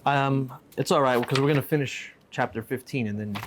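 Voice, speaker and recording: A man teaching an Arabic class, explaining and joking with his students in a relaxed way. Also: mid-range voice, fairly quick, background noise. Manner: relaxed, joking, explains by reading examples aloud.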